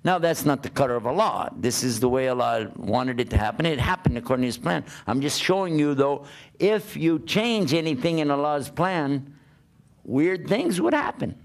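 Older american guy preaching, gravelly voice, lots of rhetorical questions, chatty sermon vibe. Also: a little high, normal speed. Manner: animated storytelling with rhetorical questions. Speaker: Islamic preacher. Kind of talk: conversational sermon.

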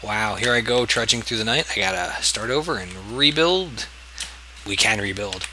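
A man's voice: lowish voice, normal speed, pushed and bright, slight background noise. A man casually commenting as he plays a game, talking to himself and yelping whenever something attacks him. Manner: rambling self-talk, yelps and exclaims when attacked. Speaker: gaming video host. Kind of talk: casual let's-play commentary.

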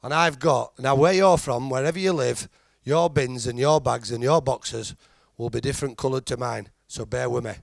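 A man's voice: mid-range voice, moderate pace, gravelly, hardly any pauses, no room sound, studio quality. A middle-aged man with a Yorkshire accent doing a chatty, self-deprecating stand-up routine and teasing the crowd. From Halifax, England. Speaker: stand-up comedian.

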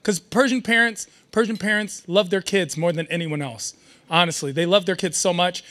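A young man doing a stand-up comedy set at a live event, animated and riffing with the audience. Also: sits high, moderate pace. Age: young adult.

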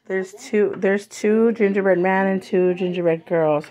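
A woman's voice: medium pitch, steady tone, a little slow, dark tone. A woman vlogger chatting casually as she unboxes purchases, gushing and rambling, sick with a cough.

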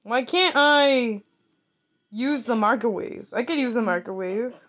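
A young woman chats through her gameplay in a playful, mischievous way, with frequent giggles. Her voice sits a little high and sounds very bright. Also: a little slow. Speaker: gamer. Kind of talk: casual gameplay commentary.

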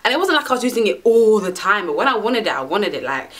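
A woman's voice: mid-range voice, very animated, quick pace, fairly bright tone. A young woman, talking to camera in a brash, profane, slang-heavy casual monologue. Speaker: vlogger.

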